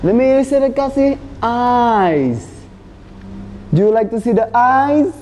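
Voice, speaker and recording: A Barbadian woman caregiver leads toddlers through play in a slow, mellow voice. She repeats patient praise again and again. The echoey room carries a faint background noise. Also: fairly high pitch, lively intonation.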